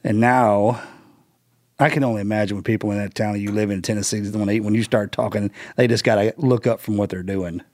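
A man's voice: fairly low pitch, steady tone, fairly quick, a little mellow, no room sound. A man with a Texan accent, co-hosting a podcast in a friendly, rambling way with restarts. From Texas. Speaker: podcast co-host. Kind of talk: casual interview chat.

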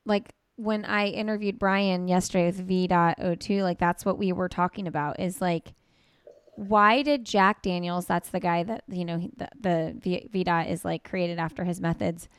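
A woman's voice: fairly low pitch, steady tone, moderate pace, smooth, dry recording. A woman hosting a podcast, chatting casually and affirming her guest. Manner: conversational, affirming. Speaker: podcast host. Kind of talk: casual interview chat.

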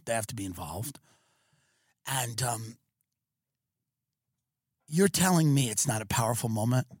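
A man hosting a podcast, animated and excitable, riffing through a comic rant with many restarts. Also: medium pitch, husky, no echo, clean studio sound. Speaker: comedian podcast host.

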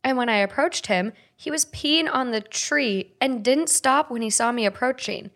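A woman's voice: a little high, moderate pace, fairly bright tone. A young woman hosting a casual podcast, reading listener posts aloud and reacting expressively. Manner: laughs easily, reacts expressively. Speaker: podcast host.

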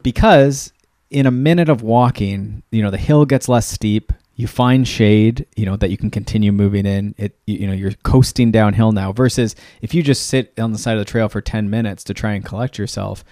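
Low-voiced man giving race advice. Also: moderate pace, mellow, dry recording, clean studio sound. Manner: practical, filler-heavy with frequent "you know". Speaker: podcast co-host and coach. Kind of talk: casual coaching chat.

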